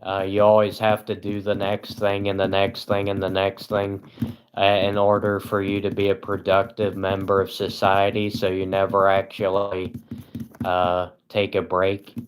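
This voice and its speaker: A man chatting casually on a live stream, reading his chat and answering in a sarcastic, deadpan way, rambling with lots of "uh"s. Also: deep voice, moderate pace, clear, resonant tone. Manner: rambling, with frequent filler "uh".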